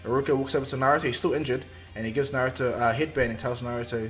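A man's voice: mid-range voice, steady tone, racing, hardly any pauses, fairly bright tone, soft background music. Man casually retelling a story. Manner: rambling, with fillers and restarts. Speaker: narrator.

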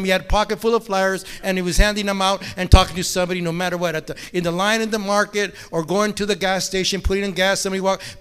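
A man's voice: high voice, fairly bright tone, clear, resonant tone. A middle-aged man preaching a sermon in a church, telling a folksy joke and sprinkling in frequent amens. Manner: repeats amen often, folksy joke-telling, bilingual. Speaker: pastor. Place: church sanctuary.

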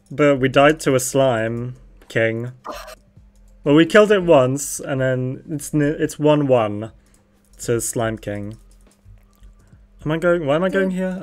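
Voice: medium pitch, darkish tone. Giggly, teasing young streamer. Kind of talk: casual gaming chat.

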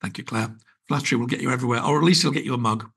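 Man, british host, casual wry chat, raspy, some vocal fry. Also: mid-range voice, rapid-fire, fairly bright tone. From Britain. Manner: chatty, wry, rambling with fillers. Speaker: podcast host. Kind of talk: casual solo podcast chat.

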